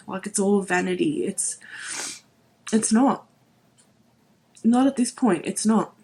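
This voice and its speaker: A woman's voice: mid-range voice, steady tone, a little slow, pauses often, mellow, breathy edge. Woman, thirties, home beauty vlogger, choked-up and heartfelt, repeats herself. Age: 30s. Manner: emotional, voice wavering near tears; earnest, repeats herself, many "like"s. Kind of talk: emotional vlog to camera.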